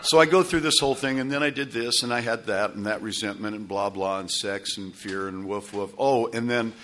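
A man's voice: lowish voice, a little fast, a bit bright. A man telling a long personal story to a recovery group, rambling with restarts and asides. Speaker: speaker sharing at a recovery meeting.

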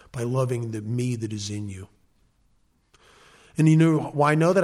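Earnest man telling his recovery story. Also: medium pitch. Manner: earnest, emphatic, with wry self-mocking humor. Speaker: speaker sharing at a recovery meeting. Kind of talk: personal storytelling talk.

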